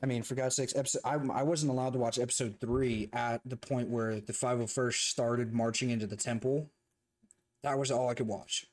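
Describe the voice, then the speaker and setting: A man co-hosting a casual review chat, talking in a rambling, profane, animated way. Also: medium pitch, normal speed. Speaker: co-host reviewing a show.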